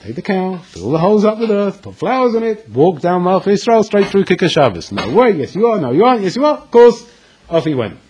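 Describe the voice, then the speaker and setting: A man giving a storytelling Torah lecture, animated and acting out the dialogue with dramatic pauses. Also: high voice, lo-fi sound, a little hiss or hum. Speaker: Torah teacher.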